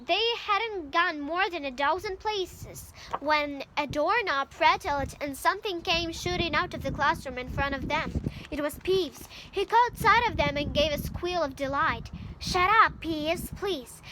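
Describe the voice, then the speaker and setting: A woman's voice: sits high, a little slow, noisy background. A woman from Ukraine reads a novel aloud in English, reading carefully and sometimes stumbling and restarting. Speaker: reader.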